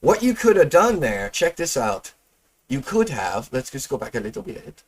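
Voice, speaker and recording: A man's voice: medium pitch, big pitch swings, moderate pace. A man hosting a casual gameplay review, chatty and explaining as he goes. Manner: chatty, explains with stops and restarts. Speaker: host, game reviewer.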